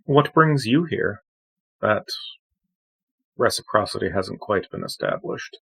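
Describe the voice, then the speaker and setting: A man playing his character in a tabletop game, speaking in a formal, deliberate way. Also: lowish voice, animated, gravelly, bright, forceful tone, husky, poor audio. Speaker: player. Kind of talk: in-character tabletop role-play.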